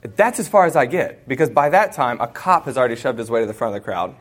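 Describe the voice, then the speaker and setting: A man's voice: medium pitch, sing-song, fast talker. An American man in his thirties, speaking live to students and telling a story in a humorous, conversational way. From United States. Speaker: conference speaker.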